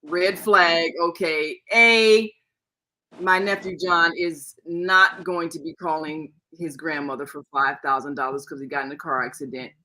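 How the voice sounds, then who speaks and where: A woman's voice: sits low, steady tone, a little slow, bright, forceful tone, rough recording. An older woman and co-host, rambling through a family story in casual chat with many restarts.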